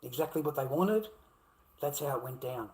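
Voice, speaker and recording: An Australian man ranting on a livestream, swearing constantly and swinging between low muttering and loud outbursts. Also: lively intonation, moderate pace, low-quality recording. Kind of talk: profane livestream rant.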